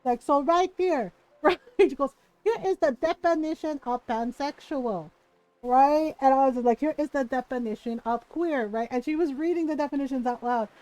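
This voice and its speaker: A woman's voice: high-pitched, normal speed, no echo, rough recording. A woman streamer chatting casually while she plays, telling family stories with lots of laughter and acted-out voices. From Filipino family. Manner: animated, laughing, acts out family members' voices. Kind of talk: casual storytelling while gaming.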